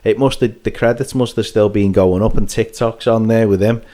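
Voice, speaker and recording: A man, hosting a podcast and telling a lively story, acting out quotes and laughing often. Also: on the low side, normal speed. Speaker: podcast host. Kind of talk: casual anecdote telling.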